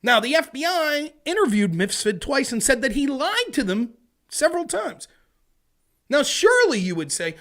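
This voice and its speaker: Animated high-pitched male stream commentator. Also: moderate pace. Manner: animated and profane, keeps asking "right?". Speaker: live-stream political commentator. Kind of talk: casual ranting commentary. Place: home streaming setup.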